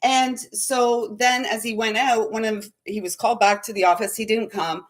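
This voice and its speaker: A woman's voice: a little high, fairly even intonation, normal speed. A woman hosting a spiritual talk, rambling with many fillers in an earnest, slightly shaken way. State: shaky, unsettled. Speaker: spiritual channel host. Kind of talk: casual spiritual livestream talk.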